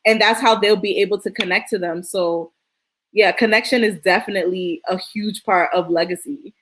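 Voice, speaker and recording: A woman's voice: medium pitch, steady tone, normal speed, fairly bright tone. Earnest woman on a talk panel. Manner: earnest, reflective, uses "like" and "you know". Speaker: panel host. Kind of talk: casual panel discussion.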